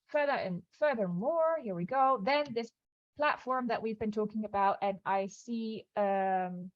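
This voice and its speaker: A woman of middling pitch hosts an onboarding video call, talking in a chatty, informal way full of "um"s and restarts. Her voice is close and dry. The call audio is a little dull. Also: no room sound. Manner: chatty, many fillers and restarts. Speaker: program host.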